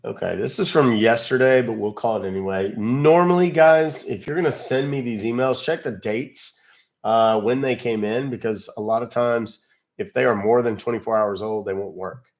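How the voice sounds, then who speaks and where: A man's voice: mid-range voice, moderate pace. A man hosting a live stream, chatting casually in a folksy, rambling way with plenty of "uh"s and mild exclamations. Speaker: live-stream host baiting scam callers.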